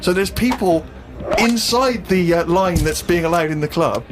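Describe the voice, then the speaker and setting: A man telling a comic story on a podcast, animated and indignant, climbing high when worked up. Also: normal speed, over music.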